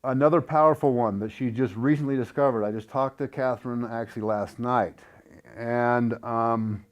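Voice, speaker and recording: An earnest man walks through a hands-on build in a casual, unscripted way. His voice sits in an ordinary middle pitch, and he pauses often, trailing into fillers and restarting his sentences. Now and then he softly chants a few syllables. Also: steady tone, lo-fi sound. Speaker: instructor demonstrating a build. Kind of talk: casual how-to explanation.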